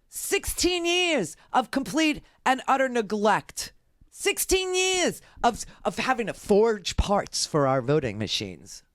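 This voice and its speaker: A woman's voice: high voice, fairly bright tone, dry recording. A woman radio talk show host delivering exasperated political commentary from a studio, emphatic and repeating her phrases for effect.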